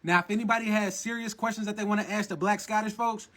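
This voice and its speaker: A man's voice: high-pitched, fairly even intonation, quick pace, a bit bright. A man giving a playful, joking casual video monologue full of silly questions.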